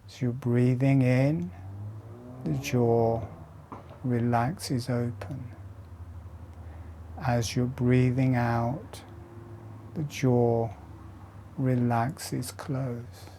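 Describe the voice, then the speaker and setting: A man leads a guided breathing meditation at a very slow, unhurried pace, pausing often between phrases. His voice is dark and gravelly, and it stays level, with little rise and fall. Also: mid-range voice, slight background noise. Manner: slow, calm, soft instructions with long pauses. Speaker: breathwork teacher.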